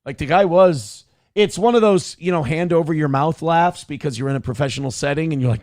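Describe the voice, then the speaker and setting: A male morning-show host with a voice that sits a little high for a man, talking in loose, profane banter. He laughs easily and reads out chat messages as he goes. The sound is dry and close, with no room around it. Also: a little fast, hardly any pauses, a little mellow, dry recording.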